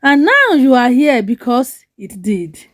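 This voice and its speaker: A grown son speaks flat and firm, each line clipped and controlled, as a woman narrator voices him. The delivery is slow and deliberate with a high-set voice that still swings widely between words. It comes from a spoken storybook. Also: heavily acted. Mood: cold.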